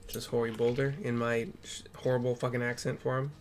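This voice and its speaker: A man's voice: medium pitch, flat delivery, a little fast, hardly any pauses, a little hiss or hum. A man casually narrating a story game for blind viewers, swearing and thinking aloud.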